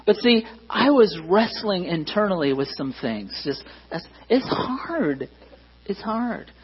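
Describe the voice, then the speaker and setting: A man's voice: high voice, sing-song, takes it slowly, slightly rough, muffled recording. A man preaching a sermon as pastor, conversational and self-deprecating, often asking the congregation questions.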